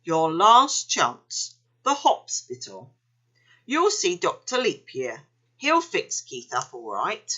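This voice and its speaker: A woman voicing a bossy male kangaroo leader who gives brisk commands in a storybook reading. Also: lowish voice, huge pitch swings, bright, forceful tone, slightly rough, muffled recording, heavily acted. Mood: assured.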